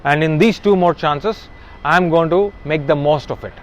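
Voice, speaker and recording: A man's voice: on the high side, normal speed, close to an everyday voice. A man doing a nervous young suitor. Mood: hesitant. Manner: hesitant, talking to himself.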